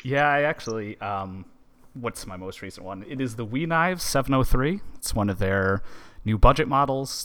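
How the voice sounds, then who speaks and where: A man co-hosting a casual podcast, talking in a relaxed, rambling way with plenty of fillers. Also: medium pitch. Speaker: podcast co-host.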